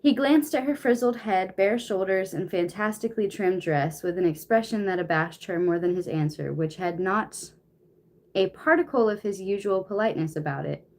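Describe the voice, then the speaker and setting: A woman's voice: medium pitch, normal speed, a little mellow. A young woman reading a novel aloud on a stream, flustered, swearing casually and out of breath. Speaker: reader.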